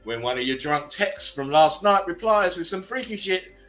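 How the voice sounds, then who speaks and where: A man's voice: sits high, lively intonation, moderate pace, a bit bright, faint music behind. A man casually reading memes aloud as host, laughing often between them.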